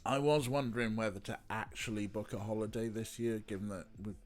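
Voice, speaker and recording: A man's voice: on the low side, fairly even intonation, a little fast, faint music behind. A man with a stuffy, snotty nose, chatting casually on a live stream, teasing and cooing at his pet between remarks to his chat.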